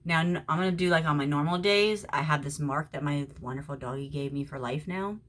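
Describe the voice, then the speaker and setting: A low-voiced woman from Florida, a makeup vlogger, chats a little fast while doing her makeup at home during quarantine. She talks as if to a friend in a casual tutorial, sometimes dropping into soft whispers.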